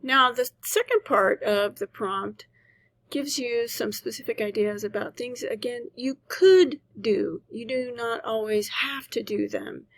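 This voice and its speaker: A woman's voice: a little high, measured pace, no echo. A woman teacher patiently explaining a writing assignment to her students, often checking in with "right?". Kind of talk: recorded class lecture.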